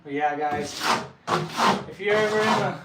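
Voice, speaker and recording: Brief: young vlogger from El Paso, winded, earnest, slightly high voice, mic set back in a roomy space. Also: male voice, heavy background noise. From El Paso, Texas. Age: young adult. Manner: earnest, halting, with frequent restarts. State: short of breath. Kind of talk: casual talk to viewers. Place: indoor building site. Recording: echoey room, mic at a distance.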